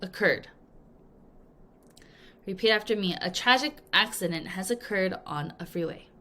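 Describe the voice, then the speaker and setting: A woman teaching an English vocabulary lesson, drilling words clearly with repeat-after-me prompts and acting out examples playfully. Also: medium pitch, measured pace, pushed and bright, a little hiss or hum. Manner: playful, acts out example sentences. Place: language school in Korea.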